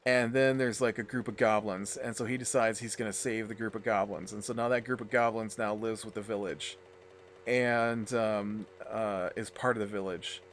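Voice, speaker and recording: A man's voice: fairly low pitch, steady tone, normal speed, slight background noise. A man hosting a let's play, rambling in a chatty way with lots of fillers and restarts while he plays. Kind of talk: casual gameplay commentary.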